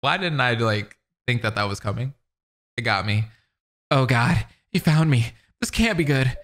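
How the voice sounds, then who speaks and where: A man commentating a horror visual novel as a let's-play, reading the lines aloud with dramatic emphasis and jumpy, excitable reactions. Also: medium pitch, moderate pace. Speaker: video game commentator.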